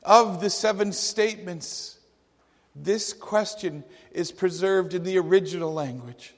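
A man preaching a sermon, slow and emphatic, with dramatic quotations. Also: high-pitched. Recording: long hall reverb.

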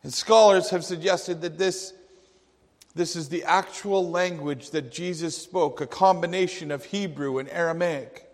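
A man preaching a sermon, slow and emphatic, with dramatic quotations. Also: on the high side. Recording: long hall reverb.

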